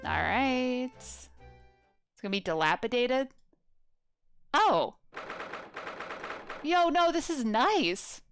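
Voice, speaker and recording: A young woman gamer makes playful, joking asides as she plays. Her voice sits slightly high. Game music runs behind her commentary. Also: very animated, slow, long pauses, fairly bright tone. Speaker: let's play gamer. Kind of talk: casual gameplay commentary.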